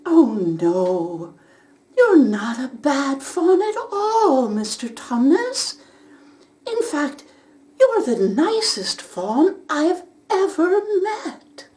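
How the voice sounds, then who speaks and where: A polite, anxious young girl from a storybook, as a woman puts her on, stammering and flustered. Her voice is very high and lively, and she speaks slowly. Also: full character voice. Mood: comforting.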